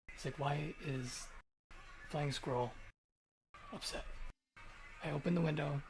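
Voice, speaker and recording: Male streamer, casual rambling chat, mid pitch, faint noise behind. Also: poor audio. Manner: rambling, profane, offhand.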